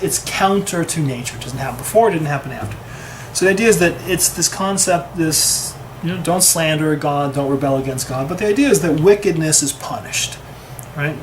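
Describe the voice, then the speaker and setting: A man teaching a relaxed Torah class, talking conversationally, often checking in with "right?" and acting out quoted lines. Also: on the high side, a little hiss or hum, low-quality recording. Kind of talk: casual Torah class lecture.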